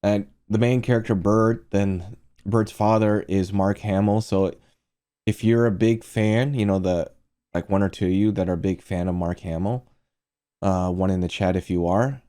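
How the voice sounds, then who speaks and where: A man's voice: lowish voice, fairly even intonation, normal speed, dark tone. A man streaming casual movie reviews, rambling and profane as he talks to his chat.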